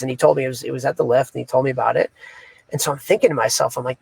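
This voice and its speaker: A man co-hosting a hockey podcast, speaking at a middle pitch with a gravelly edge. He tells a coaching story casually, full of fillers and replayed dialogue, on a dry close mic. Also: fairly even intonation, fast, no room sound. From Canada. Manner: casual, filler-heavy, retelling conversations.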